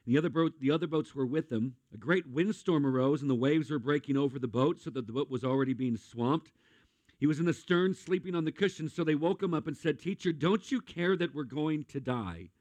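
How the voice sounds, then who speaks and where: A man preaching a sermon in a lively, conversational way, with jokes and acted-out asides. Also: a little high, a little fast, no room sound. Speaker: pastor.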